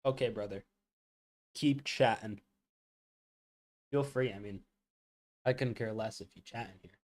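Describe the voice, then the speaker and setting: Hosting a live football watchalong, a man with a lowish voice speaks at a measured pace. He's chatty with viewers, loudly reacts when goals go in, and talks to chat using plenty of slang.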